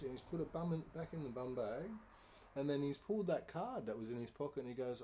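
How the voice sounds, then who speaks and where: A male podcast host with a husky, dark-toned, medium-pitched voice tells a story at a quick, animated pace. He rambles casually and fills his speech with lots of "you know" fillers.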